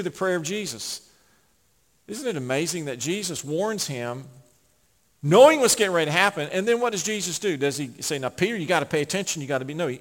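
A man preaching a sermon, swinging from loud emphatic peaks to hushed asides. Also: sits high. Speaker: pastor. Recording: long hall reverb.

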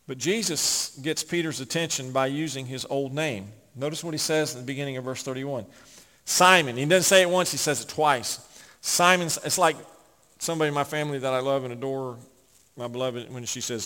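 A man preaching a sermon, swinging from loud emphatic peaks to hushed asides. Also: mid-range voice, brisk. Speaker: pastor. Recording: long hall reverb.

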